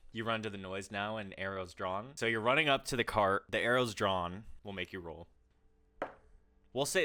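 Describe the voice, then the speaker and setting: A man's voice: fairly low pitch, pushed and bright. A man running a tabletop game as game master, narrating loosely with lots of fillers. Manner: loose, filler-heavy storytelling.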